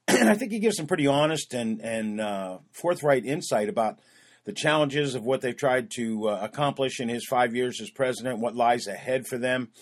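A man hosting a lacrosse coaching podcast, introducing a guest in a rambling way with many fillers and restarts. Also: mid-range voice.

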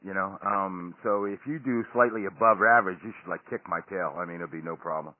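A man's voice: deep voice, fairly quick, no echo. Chatty male host on a tinny line. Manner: chatty, self-deprecating, many fillers. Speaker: podcast host, lacrosse coach. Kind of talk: casual interview over a phone line. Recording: tinny dry phone line.

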